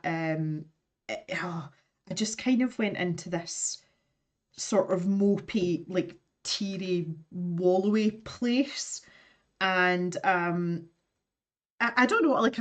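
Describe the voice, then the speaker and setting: A woman with a Scottish accent hosting an art live stream, chatting casually while she draws, laughing often and greeting viewers. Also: medium pitch.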